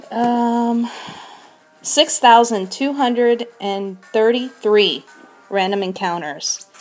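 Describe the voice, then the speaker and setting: A young woman streaming a video game, breathless and shaking with excitement, gushing and repeating her exclamations. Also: mid-range voice. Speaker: shiny hunting streamer. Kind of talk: excited live game commentary.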